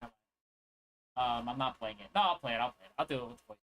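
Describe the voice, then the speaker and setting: Young man, streamer, casual rambling chat, crude jokes, bright tone. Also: medium pitch, rapid-fire, low-quality recording.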